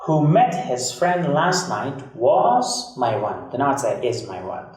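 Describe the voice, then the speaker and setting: A man teaching an English grammar lesson, patiently explaining and repeating key words slowly. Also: medium pitch, sing-song, a little mellow. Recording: very echoey room, mic far off.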